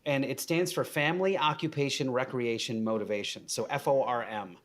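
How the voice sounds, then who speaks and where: A man's voice: medium pitch, normal speed, a bit bright. A man guesting on a podcast, giving casual conversational advice with frequent fillers and restarts.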